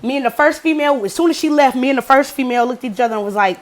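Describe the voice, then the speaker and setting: A young woman with a somewhat high voice tells a personal story to the camera in a relaxed, chatty way. She curses freely and acts out what each person said. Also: very fast. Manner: profane, animated storytelling with acted quotes. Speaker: vlogger. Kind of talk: casual storytime monologue.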